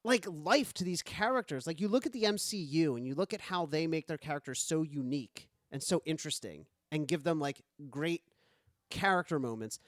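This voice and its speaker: A man's voice: a little high, brisk, no room sound. A man co-hosting a comedy podcast, chatting casually and rambling with lots of fillers into a close studio mic. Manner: animated, rambling with many fillers. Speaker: podcast co-host.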